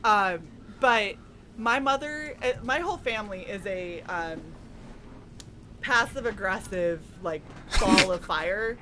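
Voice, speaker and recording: A woman from the western United States, chatting on a panel, telling animated stories and swearing freely. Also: mid-range voice, takes it slowly, noisy background. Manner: animated storyteller, quotes people in acted voices, swears freely. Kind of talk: casual chat.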